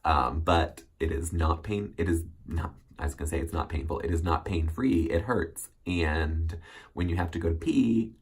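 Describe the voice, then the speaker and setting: A man's voice: low-pitched, a little mellow, husky. A man hosting a solo recap show, chatting casually and rambling with many ums and self-corrections. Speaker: recap host.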